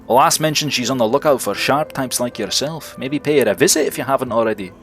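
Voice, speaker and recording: A man's voice: medium pitch, fast, soft background music, lightly acted. A man voicing a chatty old male bug innkeeper who talks in a rustic, homely dialect. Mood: folksy.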